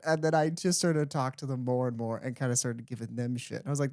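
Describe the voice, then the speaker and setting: A man's voice: medium pitch, fairly quick, few pauses, no echo, clean studio sound. Chatty young man full of fillers. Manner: animated storyteller, heavy use of "like". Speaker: podcast co-host. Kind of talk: casual chat.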